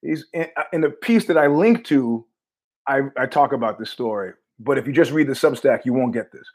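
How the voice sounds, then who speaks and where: A man's voice: medium pitch, animated, fairly quick, a little mellow. A man hosting his own show, telling a story in a blunt, profane, conversational way. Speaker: host. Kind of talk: casual storytelling monologue.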